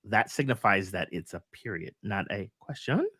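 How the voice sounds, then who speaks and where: A man's voice: on the low side, animated, normal speed, pushed and bright, breathy edge, no echo, studio quality. A man hosting a casual coaching chat, upbeat and rambling with fillers. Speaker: host.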